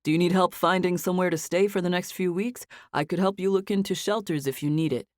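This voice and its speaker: Lady doing a guy voice, lowish and calm, plain and matter-of-fact, dry sound. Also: quick pace, no echo, lightly acted. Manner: low, matter-of-fact, understated. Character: young man, earnest and restrained. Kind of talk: audiobook character voice.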